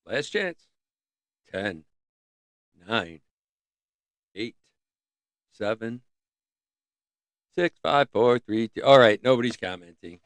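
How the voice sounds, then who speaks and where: A man hosting a casual livestream, rambling and joking as he thinks out loud. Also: lowish voice, dry recording. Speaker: livestream host.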